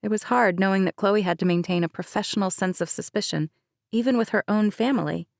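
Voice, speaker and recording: A woman reading an audiobook as narrator in a measured, even way. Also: mid-range voice, vocal fry, no echo, clean studio sound. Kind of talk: scripted narration.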